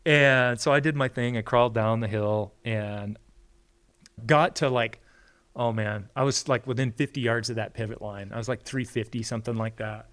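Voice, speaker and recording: A man, a podcast guest, telling a story in a casual, animated way and acting out the quoted lines. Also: moderate pace, smooth. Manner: animated storyteller, acts out quotes with big pitch jumps.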